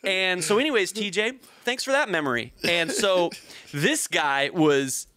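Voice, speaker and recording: A man's voice: high voice, expressive, unhurried, pushed and bright, no echo, studio quality. A man in his thirties, a podcast host, telling a story in casual chat, acting out voices and swearing freely. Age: 30s.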